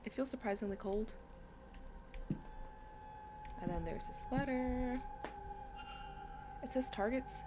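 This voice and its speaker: A woman's voice: sits high, takes it slowly, long pauses, over music. A woman giving casual commentary while playing a video game, chatty and reading item text aloud. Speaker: gamer. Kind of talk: casual let's-play commentary.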